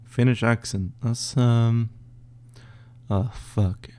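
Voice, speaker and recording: A young man from northern Sweden with a Swedish accent, casually reading out and answering chat questions on a live stream, with many fillers and pauses. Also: medium pitch, fairly even intonation, a little mellow. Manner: laid-back, reads chat questions aloud, hesitant with fillers.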